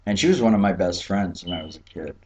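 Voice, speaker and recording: A man from Key West, Florida telling a childhood story in a relaxed, chatty way, with frequent fillers and laughs. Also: low-pitched, quick pace. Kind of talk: personal storytelling.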